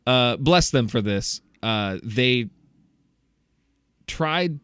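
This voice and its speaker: Bright, crisp-voiced man telling a story. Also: medium pitch, drawn-out words, dry recording, studio quality. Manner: animated storyteller, acts out quoted voices, laughs often. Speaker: podcast co-host. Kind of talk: casual storytelling chat.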